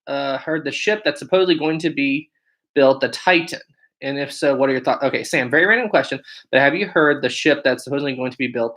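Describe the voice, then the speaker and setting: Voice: mid-range voice, bright, forceful tone. An upbeat American livestream host chatting casually and greeting viewers one by one while reading comments aloud on a home setup. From United States.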